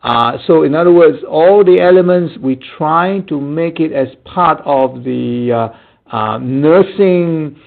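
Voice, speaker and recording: A male physician answering audience questions in a webinar, explaining in a halting way with many fillers. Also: on the high side, gravelly. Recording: tinny phone-like audio line.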